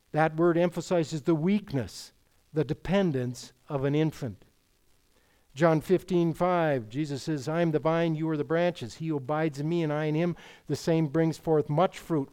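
A man's voice: on the high side, warm tone. A man preaching an expository sermon, quoting scripture and asking rhetorical questions. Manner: emphatic, rhetorical questions, quotes scripture in King James wording.

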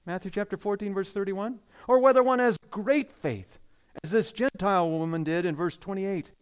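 A man with a high-pitched voice preaching a sermon. He leans hard on key words and repeats them for weight. Then he lets phrase endings fall low and soft. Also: smooth.

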